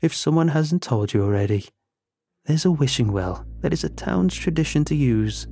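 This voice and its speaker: A man's voice: fairly high pitch, expressive, moderate pace, gravelly, no echo, studio quality, voice pushed up. A man putting on a sing-song old neighbor lady. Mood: soft. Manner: sing-song, chirpy, soft. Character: sweet-talking older woman neighbor, quietly sinister.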